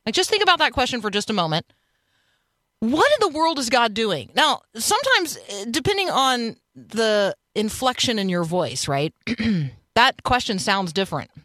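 A woman's voice: fairly high pitch, sing-song, moderate pace, fairly bright tone, no room sound. A woman hosting a Christian morning radio show from a studio. She talks in a chatty, reflective way, with frequent "um" and "like". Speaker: radio host.

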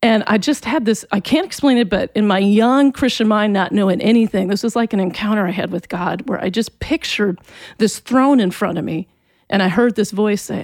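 A woman giving an earnest, emotional personal faith testimony as an interview guest, often halting and restarting. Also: medium pitch, darkish tone, dry recording.

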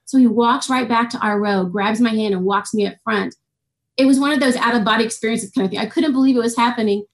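Here is a woman in her forties who talks quickly and with a lot of life as she tells a story. Her voice sits a little high. She shifts her pitch to play the people she quotes, and she speaks as a guest in an interview. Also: fairly even intonation. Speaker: guest author. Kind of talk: testimony in an interview.

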